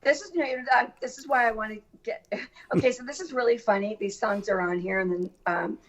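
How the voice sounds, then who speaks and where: A middle-aged woman from Massachusetts chats as a podcast guest. She is lively and talkative, and drops a casual swear now and then. Her pitch is average for a woman. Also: fairly quick, poor audio. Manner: chatty, animated, swears casually. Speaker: guest, actress. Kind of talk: casual chat. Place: Los Angeles.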